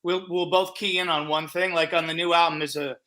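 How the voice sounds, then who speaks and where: A middle-aged comedian tells a prank call story in relaxed podcast chat. His voice sits a touch high and sounds bright and forceful. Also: fairly quick.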